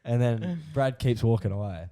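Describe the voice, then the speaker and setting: A man's voice: mid-range voice, moderate pace, dark tone. A young Australian man telling a long anecdote on a casual podcast, slangy and laughing as he goes. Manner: laughs through his own story, slangy. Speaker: podcast co-host. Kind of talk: casual storytelling chat.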